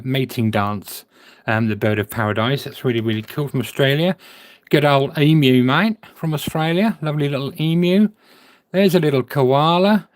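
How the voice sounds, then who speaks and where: A man's voice: medium pitch, dry recording. Chatty man sorting coins on a stream. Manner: chatty, thinking aloud while sorting, answers viewer chat. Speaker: coin collector streamer. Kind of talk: casual live-stream chat.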